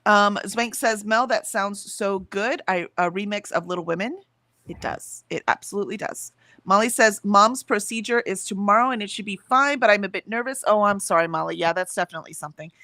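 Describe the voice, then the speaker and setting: A woman's voice: medium pitch, a little fast, bright, forceful tone, dry recording. A woman co-hosting a casual livestream, chatting emphatically, laughing easily, and reading out viewer comments. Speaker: livestream co-host.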